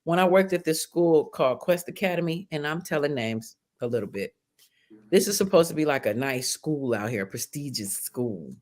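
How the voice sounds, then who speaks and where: A schoolteacher woman telling stories in casual podcast chat, animated and profane, acting out the people she quotes. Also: low-pitched, moderate pace.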